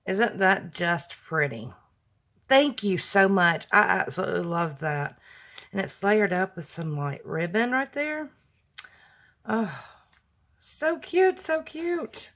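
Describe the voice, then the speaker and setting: Slow-talking woman gushing over craft mail. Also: on the low side, animated. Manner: gushing, slow and soft-spoken. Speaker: crafting YouTuber opening happy mail. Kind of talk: casual unboxing chat.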